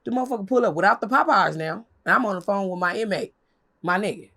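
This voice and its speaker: A young woman telling a story as an interview guest, animated and profane, acting out what others said in a high voice. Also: quick pace. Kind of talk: casual storytelling.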